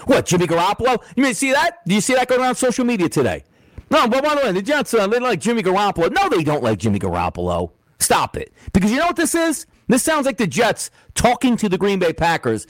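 A man's voice: sits high, dry recording, poor audio. A man hosting a sports betting show, talking solo, firing off rhetorical questions and acting out imagined quotes. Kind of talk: solo sports talk monologue.

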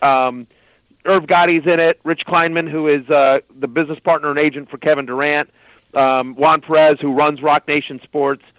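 A man guest telling a story in casual talk, animated and loose, full of fillers. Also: fairly high pitch, dry recording, muffled recording.

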